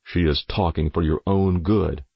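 Storybook read-aloud: curt strict father, deep gravelly voice, read by a man. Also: steady tone, measured pace, no echo, lo-fi sound, full character voice. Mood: stern. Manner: stern, curt. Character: stern, dismissive middle-aged father.

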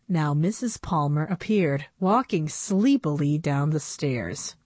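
A woman narrating a children's storybook in a measured, expressive way. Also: low voice, no room sound. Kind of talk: storybook reading.

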